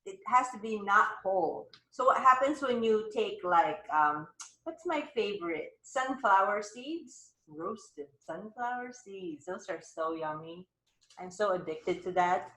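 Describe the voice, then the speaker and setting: A woman hosts a casual live chat on a video call, rambling cheerfully from one point to the next. She takes her time and talks at an unhurried pace. Her voice carries a roomy echo. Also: mid-range voice, a bit bright. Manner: chatty, rambling, upbeat. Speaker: host of a live wellness chat.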